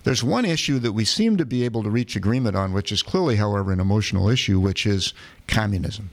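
Halting man musing on politics. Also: fairly low pitch, lively intonation. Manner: halting, repeats words while searching for phrasing. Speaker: podcast host. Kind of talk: casual political discussion.

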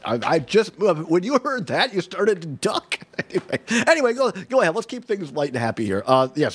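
Lively, laughing male show host. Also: sits high, fairly quick, few pauses, slightly rough, no room sound. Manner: animated, laughs often, restarts sentences. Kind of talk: casual chat.

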